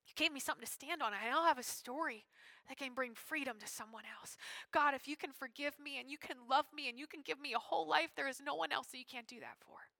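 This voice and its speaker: A woman voicing a soft, grateful forgiven sinner. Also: sits high, quick pace, vocal fry, no room sound, exaggerated voice. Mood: earnest. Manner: soft, earnest.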